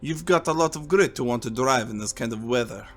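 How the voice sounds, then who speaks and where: A man voicing a calm priest with a French accent, speaking warmly and slowly in a soft, deep voice. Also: close to an everyday voice. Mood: musing. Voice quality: warm and deep, soft-spoken. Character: priest, calm middle-aged man, gentle talker.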